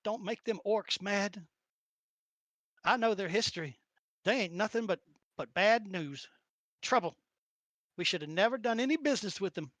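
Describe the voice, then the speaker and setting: A woman's voice: mid-range voice, moderate pace, pauses often, fairly bright tone, no room sound, natural voice. A woman voicing a suspicious old shopkeeper lady with a Southern Alabama accent, folksy and blunt. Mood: grumbling.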